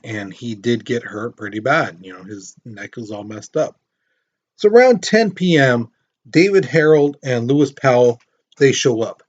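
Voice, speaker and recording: A man teaches a history lesson in a relaxed classroom style, telling it like a story, acting out quotes, and quizzing his students. His pitch is medium, and the recording lacks high frequencies.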